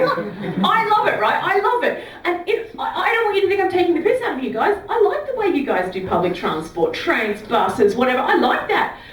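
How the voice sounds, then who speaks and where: A woman comedian talking to a live crowd, her voice high and lively as it leaps up and down. She giggles often and drops into a hushed murmur to act out pretend phone calls. The sound is roomy and a little distant, with faint club noise behind her. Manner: chatty, giggly, acts out fake phone calls in a low murmur. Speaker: stand-up comedian. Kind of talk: stand-up comedy set. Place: comedy club stage before a live audience.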